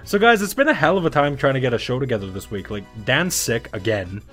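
A male podcast host with a lively voice that swings up and down as he banters. He laughs often and keeps things loose and jokey, and faint music sits behind him. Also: mid-range voice, fast talker. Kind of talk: casual chat.

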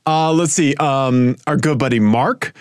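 A man co-hosting a podcast, relaxed and chatty, sharing listener news with lots of fillers. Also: medium pitch, unhurried, dry recording, studio quality. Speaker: podcast co-host. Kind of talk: casual chat.

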